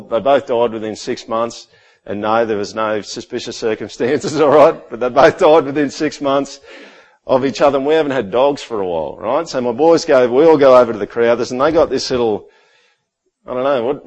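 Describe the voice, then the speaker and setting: A man preaching a sermon in a lively, playful way, his pitch leaping up as he tells stories and dropping low and soft at quieter moments. He has a middle-range voice and keeps talking to the congregation in a casual way. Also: dull audio. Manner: animated, jokey, acts out his son's lines. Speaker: pastor.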